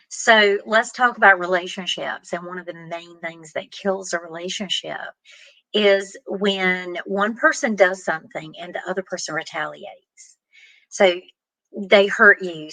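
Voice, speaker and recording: A woman's voice: medium pitch, sharp tone, no room sound, rough recording. A woman giving earnest, plain-spoken relationship advice, acting out example conversations. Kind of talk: direct-to-camera advice talk.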